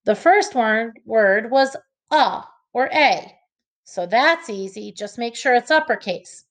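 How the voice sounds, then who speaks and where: A woman teacher giving an early reading lesson to children, slowly sounding out each letter and word. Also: a little high, animated, a bit bright.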